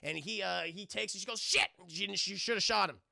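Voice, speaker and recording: Gravelly high-voiced man rambling to chat. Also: brisk, pushed and bright, dry recording, studio quality. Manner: rambling, profane, addresses chat constantly. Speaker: streamer. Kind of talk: casual film recap to a live chat.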